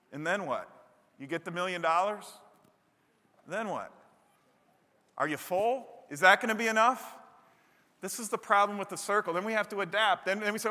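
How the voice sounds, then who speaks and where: A man preaching a sermon, animated, breaking into loud high-pitched bursts when he acts out what people say. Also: normal speed, pauses often. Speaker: pastor. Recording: long hall reverb.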